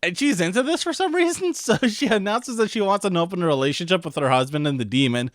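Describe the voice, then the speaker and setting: A man's voice: high-pitched, expressive, fast talker, dry recording, clean studio sound. A man narrating a crude comedic recap in a sarcastic, profane manner. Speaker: recap host.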